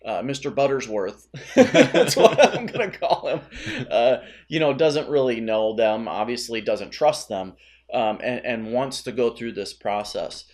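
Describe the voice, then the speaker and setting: A man in relaxed talk about a comic, with a middle-pitched, everyday voice. He pauses and restarts often, feeling his way through each description. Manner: easygoing, hesitant with fillers, describes panels. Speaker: comic review co-host. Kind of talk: casual chat.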